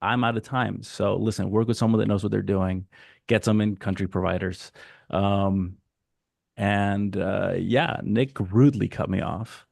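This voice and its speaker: Mexican guy on a video call webinar, kinda low voice, casual and lively, dry sound. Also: vocal fry, dry recording. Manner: casual and animated, mimics customers in quick asides. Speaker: guest speaker. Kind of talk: webinar presentation.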